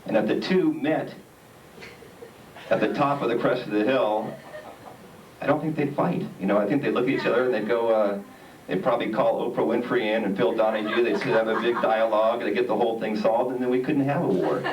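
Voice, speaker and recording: A man's voice: mid-range voice, muffled recording, noisy background. A man doing a stand-up comedy set on stage, rambling along with plenty of hesitant filler. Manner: rambling, halting delivery with many "uh"s. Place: theater stage. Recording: echoey theater recording from far off. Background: audience laughter.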